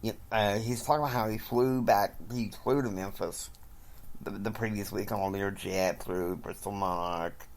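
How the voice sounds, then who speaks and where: A man's voice: on the low side, steady tone, normal speed. A man casually narrating an invented drama, rambling through it scene by scene. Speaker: storyteller.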